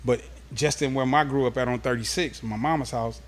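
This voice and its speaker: A man from Los Angeles sits as an interview guest and tells stories of his youth in a relaxed, streetwise way. His voice sits at an ordinary middle pitch. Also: brisk. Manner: animated, streetwise storytelling. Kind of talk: casual storytelling interview.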